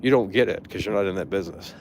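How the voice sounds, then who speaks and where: A man's voice: deep voice, racing, a little mellow, slight background noise. Angry ranting man, swearing freely. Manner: mocking impressions in a raised voice. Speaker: streamer. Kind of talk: casual ranting monologue.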